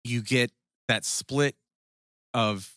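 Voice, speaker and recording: A man's voice: medium pitch, very slow, bright, forceful tone, no echo. Male podcast co-host, casual and profane, rambling, dry close mic. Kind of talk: casual chat about a TV series.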